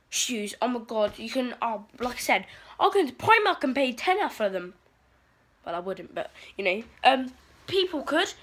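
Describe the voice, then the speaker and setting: A woman's voice: on the high side, sing-song, a little slow, long pauses, a bit bright. A teenage girl rambling through a sweary, exasperated vlog rant. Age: teens. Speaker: vlogger. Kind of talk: casual ranting vlog.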